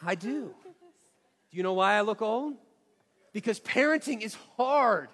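Animated man in his forties, echoing hall. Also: extremely high pitch, unhurried, long pauses. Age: 40s. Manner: animated, self-mocking, earnest. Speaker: speaker at a church marriage session. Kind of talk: storytelling talk to an audience.

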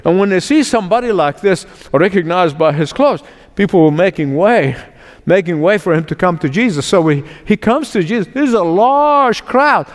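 A male pastor preaching a sermon with emphatic repetition, shifting from slow, drawn-out phrases to quick runs. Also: high voice, lively intonation. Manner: emphatic, repeats phrases for stress; shifts between slow, drawn-out and rushed delivery. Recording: long reverb from a large hall.

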